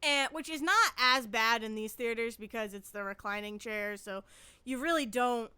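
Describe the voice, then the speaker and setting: A high, bright woman's voice co-hosting a casual podcast chat. She rambles through a story with restarts and frequent swearing. The sound is close and dry. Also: moderate pace, clear, resonant tone, no room sound. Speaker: podcast co-host.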